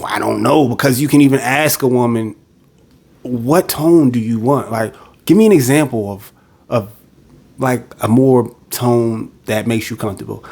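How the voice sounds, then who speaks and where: A man's voice: mid-range voice, moderate pace, a little mellow. Blunt, direct man venting on a podcast. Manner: blunt and direct, acts out quoted voices. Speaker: podcast host. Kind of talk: casual monologue.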